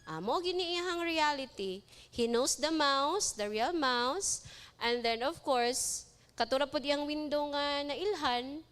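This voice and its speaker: A woman lecturer with a Cebuano Filipino accent giving an animated live seminar lecture, switching between English and Cebuano and joking with the audience. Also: sits high.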